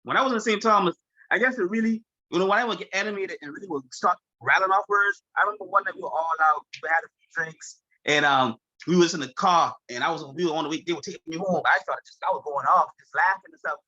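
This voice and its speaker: A man from Charleston with a Gullah Geechee-tinged accent, telling stories on a video call. His voice is bright and sits a bit high for a man, and he laughs easily through his anecdotes. The audio is dull and muffled. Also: quick pace. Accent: Gullah Geechee-influenced Charleston. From Charleston, South Carolina. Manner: animated, laughs often, mimics friends in quotes. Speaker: chef, guest. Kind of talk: casual conversational storytelling.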